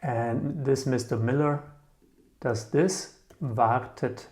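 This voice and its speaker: A man's voice: mid-range voice, slow, a little mellow. A man teaching vocabulary in a casual, musing way, often checking in with "yeah?" and repeating words aloud. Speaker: German teacher. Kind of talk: casual explanatory lesson.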